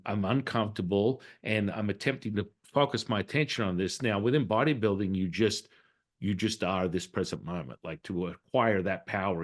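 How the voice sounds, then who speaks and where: Low-voiced man telling a story. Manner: reflective, acts out quoted dialogue in his story; frequent restarts and fillers. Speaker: guest, Taoist priest and healer. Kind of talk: casual storytelling in an interview.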